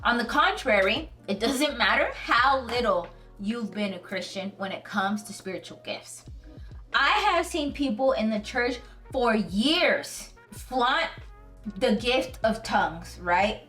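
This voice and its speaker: A woman's voice: a little high, slow pace. Woman vlogger, casual slangy Bible talk, earnest and emotional, distant mic, faint music under. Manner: animated, slangy storytelling. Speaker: Christian video host.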